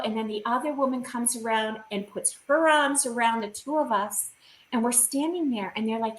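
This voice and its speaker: A woman with a bright, slightly high voice tells an emotional personal story as an interview guest. Her telling is vivid and heartfelt. She is on a video call in an echoey room. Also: normal speed. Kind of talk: recounting a personal experience in an interview.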